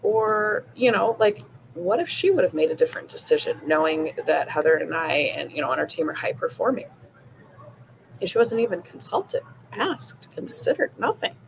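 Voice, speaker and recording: A woman's voice: lowish voice, sing-song, normal speed, gravelly, a little hiss or hum, poor audio. A woman hosting a podcast, telling a personal story casually with many "like"s and "you know"s. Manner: casual, frequent "like" and "you know", retelling with rising emotion. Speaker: podcast host.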